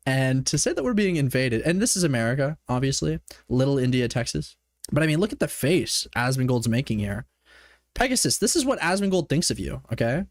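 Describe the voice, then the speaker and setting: A man's voice: fairly high pitch, no room sound. Male streamer from Canada, casual reaction commentary, profane and mocking, swinging range, dry sound.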